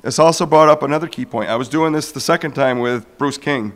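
A man preaching a storytelling sermon, animated and acting out dialogues as he goes. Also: a little high, brisk.

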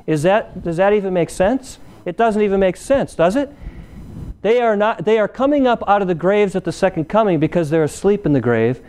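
A man delivering a sermon in a smooth, resonant voice that sits a little higher than most men's. He talks to his congregation conversationally and keeps pausing to ask them to fill in the next word. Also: lively intonation, a little mellow. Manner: conversational preaching with call-and-response questions. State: recovering from illness. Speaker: preacher.

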